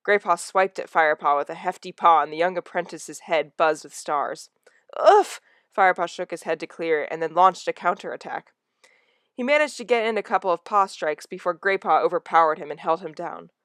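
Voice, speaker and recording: A woman reading a novel aloud in a soft, hushed narration that drops toward a whisper in tense moments. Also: on the low side, fairly quick, dry recording, clean studio sound. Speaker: audiobook reader.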